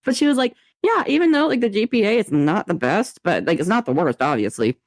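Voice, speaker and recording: A woman's voice: on the low side, sing-song, fast, no room sound. Giggly young woman podcast co-host. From Canada. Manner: giggly storyteller, acts out quoted exchanges. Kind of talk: casual podcast chat.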